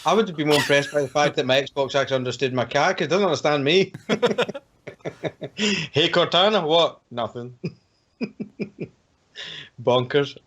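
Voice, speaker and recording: Co-hosting a laid-back podcast chat over an online call, this man rambles, cracks jokes, and laughs often. His voice is a little high and fairly quick, with frequent pauses, and his home computer mic gives muffled, lo-fi call audio.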